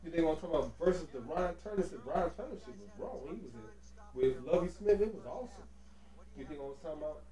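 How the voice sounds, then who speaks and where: A man giving loose, slangy, excitable commentary over a basketball video game, peppering his talk with casual fillers. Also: a little high, fast, roomy sound. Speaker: gaming commentator.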